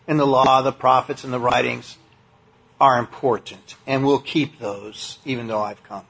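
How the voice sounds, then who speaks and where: Husky male preacher, conversational and emphatic. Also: mid-range voice, animated, measured pace. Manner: conversational, emphatic preaching with many fillers and restarts. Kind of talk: sermon.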